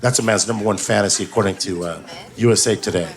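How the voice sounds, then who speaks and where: A man with a lowish voice rattles quickly through a stand-up routine at a comedy club, rambling crudely and voicing what other people said. Loud laughter and noise from the audience fill this live set.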